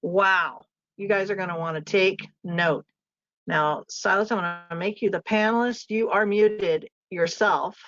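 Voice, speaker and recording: A woman's voice: mid-range voice, fairly even intonation, a little slow, fairly bright tone. Chatty woman hosting a web call. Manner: chatty, reads introductions with small asides. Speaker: webinar host. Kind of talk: live webinar hosting. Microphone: video call. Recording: muffled lo-fi web call audio.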